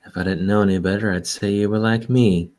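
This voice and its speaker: A man plays a tabletop game, answering in character with a dry, understated manner. His voice is very deep. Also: fairly even intonation, a little fast, darkish tone. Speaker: player. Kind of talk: in-character role-play.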